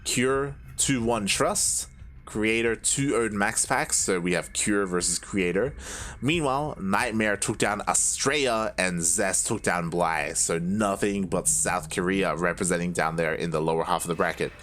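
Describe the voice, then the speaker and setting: A young man from Australia with a mixed Australian and Spanish-influenced accent, casting a game live on his own, excitable and quick to exclaim. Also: low voice, slight background noise. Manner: excitable, exclaims often and laughs at chat. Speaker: esports caster. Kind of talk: solo live game commentary.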